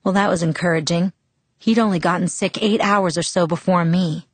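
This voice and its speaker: A young adult woman reading a novel aloud in an even, calm first-person narration on a close mic. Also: on the low side, moderate pace, dry recording. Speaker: audiobook narrator. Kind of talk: audiobook narration.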